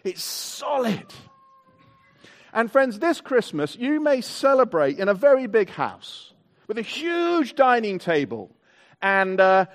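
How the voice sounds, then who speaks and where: Preacher guy, high lively voice, slow and drawn out, talking to a church hall crowd. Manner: animated, drawn-out emphasis on key words, leads the congregation in actions. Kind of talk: all-age Christmas sermon. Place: church hall with tiered seating.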